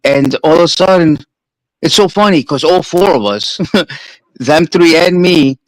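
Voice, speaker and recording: Man, New York accent, streamer, animated profane storytelling, dry close mic. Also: fairly high pitch, measured pace, no room sound, rough recording. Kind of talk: casual storytelling chat.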